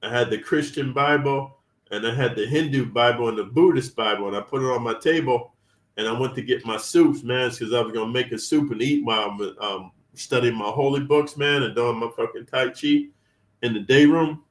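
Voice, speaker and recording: A man's voice: medium pitch, moderate pace, distant mic. A man from California, a former inmate telling prison stories in a blunt, streetwise way, heavy with slang and swearing. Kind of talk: profane storytelling. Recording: roomy, set back from the mic.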